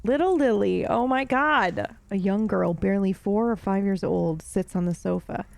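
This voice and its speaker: A woman's voice: mid-range voice, normal speed, vocal fry, no echo. A young woman streaming a story game, chatting casually with her viewers and reading the game's text aloud, laughing often. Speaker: let's play streamer.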